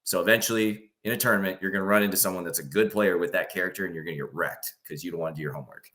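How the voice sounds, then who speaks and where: Low-voiced young man, rambling casual chat. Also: racing, fairly bright tone. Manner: rambling, filler-heavy, acts out inner voices. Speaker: podcast guest.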